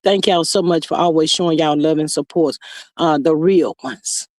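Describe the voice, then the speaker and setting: A woman's voice: low-pitched, moderate pace, darkish tone, dry recording, clean studio sound. A woman hosting a live stream, talking animatedly to her viewers in a preachy call-out style.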